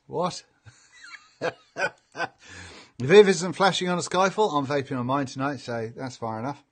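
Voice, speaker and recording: A man's voice: mid-range voice, animated, a little slow. A middle-aged man with a chatty, jokey manner, hosting a casual live stream and reading out viewer comments. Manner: chatty and jokey, laughs often.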